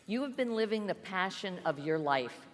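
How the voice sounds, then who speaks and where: A woman's voice: mid-range voice, expressive, normal speed. A woman giving an emotional, gushing acceptance speech in a hotel ballroom with an audience. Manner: tearful, gushing, emotional thanks. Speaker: award recipient. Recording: hall reverb with faint crowd.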